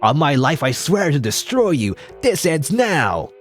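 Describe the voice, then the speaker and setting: A hot-headed muscled cartoon warrior, done by a man bellows melodramatic vows in a raised, lively voice. Clear music runs underneath. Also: fairly high pitch, a little slow, voice pushed up. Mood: furious.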